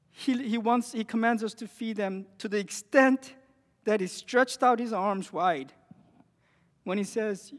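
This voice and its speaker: High-voiced man preaching in a hall. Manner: earnest, rising emphatic phrases with quiet drops. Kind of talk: sermon.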